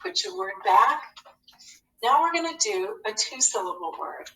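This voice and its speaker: A woman teaches a children's phonics lesson at a slow, careful pace and spells each word out one letter at a time. Her voice is bright and clear. It is heard from a little way off in a room with noticeable echo. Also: on the high side, animated, distant mic. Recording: echoey room, voice a bit off-mic.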